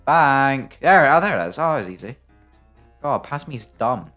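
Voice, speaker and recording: Excitable British guy with a wildly swinging voice. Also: medium pitch, a little slow, soft background music. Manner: excitable, jokey banter with sudden loud yelps. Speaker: gaming video creator. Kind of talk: playing a game and commenting.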